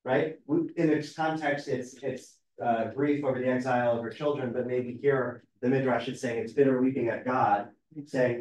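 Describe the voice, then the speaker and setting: A man's voice: medium pitch, fairly even intonation, moderate pace, hardly any pauses, a little mellow. A man leads a study class as a rabbi, walking through a passage in a thoughtful, explanatory way and reading lines aloud. He sits away from the microphone, so the room's echo colors every word. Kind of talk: conversational text study. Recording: roomy, distant mic.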